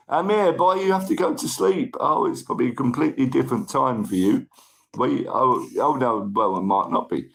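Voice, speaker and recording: Poor audio captures a man with a gravelly mid-range voice hosting a casual livestream. He reads viewer comments aloud, thanks people by name and has a tickly cough.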